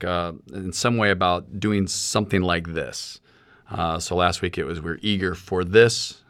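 A man's voice: low-pitched, fairly bright tone, no room sound, clean studio sound. A middle-aged man from St. Louis, a seminary professor, thinking aloud with fillers while discussing sermon plans on a podcast. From St. Louis, USA.

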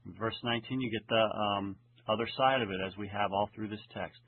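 A man teaching the Hebrew grammar of scripture as a lecture, reading Hebrew phrases slowly and checking in with his listeners. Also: lowish voice. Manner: slow deliberate reading of Hebrew phrases, frequent "okay?" check-ins. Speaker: Bible teacher. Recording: husky voice over tinny phone-like line.

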